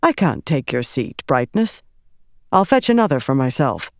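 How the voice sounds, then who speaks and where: A woman voicing a friendly, cultured young male priest with a faint Herdazian accent, gently joking. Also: extremely low pitch, very animated, normal speed, no room sound, studio quality, voice pushed down, heavily acted. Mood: polite.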